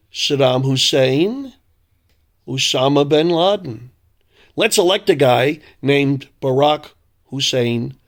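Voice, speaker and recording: Gravelly man ranting angrily. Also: a little high. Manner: angry, sarcastic, mocking. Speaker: commentator. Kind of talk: ranting commentary.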